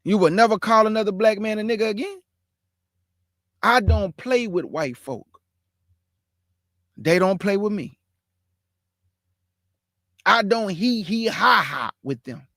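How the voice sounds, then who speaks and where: A man's voice: high-pitched, expressive, a little slow, long pauses, fairly bright tone, no echo, studio quality. A man hosting his own online show, commenting live to his viewers in an emphatic, repetitive way and stretching out words for effect.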